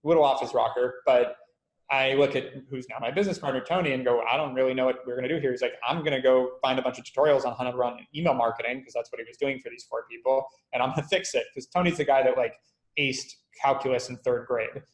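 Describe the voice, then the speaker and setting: A man, a company founder, being interviewed and telling stories in a lively way, acting out quoted dialogue. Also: medium pitch, echoey room. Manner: fast, animated, acts out quoted dialogue. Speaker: guest, company founder and CEO. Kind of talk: conversational interview storytelling.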